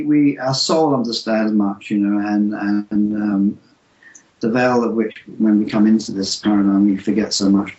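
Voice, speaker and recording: A middle-aged man talking about meditation in an interview, halting with many fillers and restarts. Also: medium pitch, mellow. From England. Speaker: interview guest. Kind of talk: spiritual interview talk. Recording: roomy, muffled lo-fi audio.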